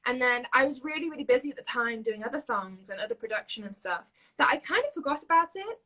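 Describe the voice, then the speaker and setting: Bright, chatty young Yorkshire woman. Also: fairly high pitch, expressive, fast talker, poor audio. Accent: Yorkshire English. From Yorkshire, England. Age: young adult. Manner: chatty, giggly, lots of fillers. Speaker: singer-songwriter guest. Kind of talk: casual interview chat.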